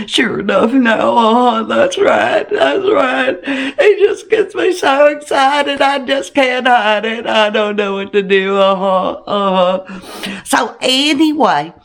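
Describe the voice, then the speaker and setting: A flirty, giggly country gal with a thick drawl, as a woman puts her on for a comedic monologue. She talks slowly and lazily. Her pitch leaps high and dives low from one phrase to the next. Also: creaky. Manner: slow drawl with wildly swooping pitch. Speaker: channel host in a character.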